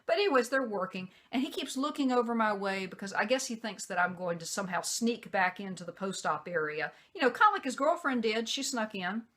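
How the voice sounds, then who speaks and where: A woman's voice: medium pitch, fairly quick, hardly any pauses. A woman vlogger telling a personal story in a casual way, acting out what other people said. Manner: animated, acts out quoted voices.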